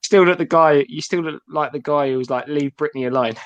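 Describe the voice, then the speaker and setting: A man's voice: on the high side, brisk, no echo. An easygoing man hosts a live stream and reads viewer comments aloud between the talk. His voice sits mid-range, and the sound is dry and close. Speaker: host reading chat comments. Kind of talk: casual live stream chat.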